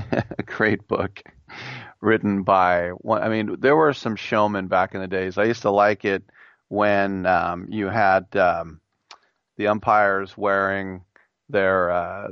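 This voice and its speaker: A middle-aged man hosting a sports talk show, animated and joking, acting out quoted voices as he rants. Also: lowish voice, no room sound, muffled recording. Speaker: sports radio host. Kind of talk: solo sports talk monologue.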